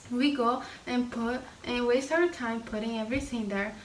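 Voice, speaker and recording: A woman's voice: fairly high pitch, fairly even intonation, reverberant. Hesitant woman, distant faint-noise mic. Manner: hesitant, halting English with fillers. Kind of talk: casual storytime chat.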